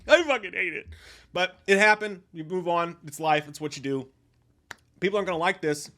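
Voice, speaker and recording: A young man hosting a casual spoiler review of a film, emphatic and profane, swinging between loud outbursts and low mutters. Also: a little fast. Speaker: movie review host.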